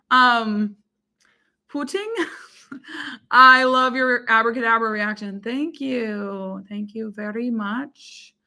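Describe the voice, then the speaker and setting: A woman's voice: medium pitch, bright, forceful tone. A woman chatting casually with viewers and reading their comments, bubbly and giggly, with lots of fillers. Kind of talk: casual chat.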